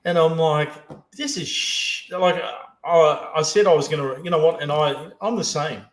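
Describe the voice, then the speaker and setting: A man's voice: a little high, steady tone, moderate pace. A male podcast host in casual chat, telling stories and swearing heavily as he rambles. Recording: roomy echo.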